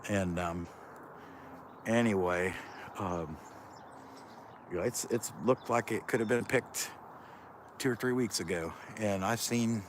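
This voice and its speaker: A man's voice: fairly low pitch, takes it slowly, long pauses, background noise. A man from Central Ohio with a Kentucky accent, chatting casually and rambling on a live stream while out in farm fields. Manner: rambling, self-described lazy drawl. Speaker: livestream host.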